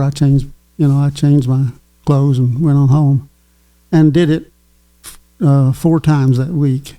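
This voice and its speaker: Here the same kind of guest, an 80-something man from Kentucky, has a mellow, smooth, mid-range voice. Chuckling as he goes, he spins casual stories in a folksy manner, halting and filler-laden.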